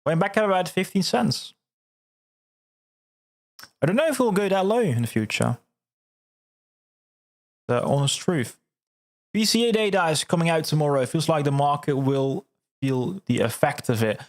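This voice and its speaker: A man hosting a livestream, chatting casually and reading out viewer comments, excitable, laughing often and repeating words. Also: a little high, normal speed, pauses often. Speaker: livestream host.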